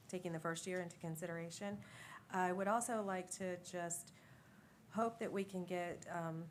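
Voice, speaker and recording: A woman's voice: lowish voice, slight background noise. An older woman with grandchildren, giving a polite, direct public comment at a council meeting.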